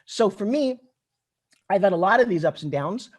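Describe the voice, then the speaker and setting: A woman's voice: mid-range voice, normal speed. A middle-aged woman telling stories in a chatty conference keynote and speaking straight to the audience. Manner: animated, chatty, addresses the audience directly.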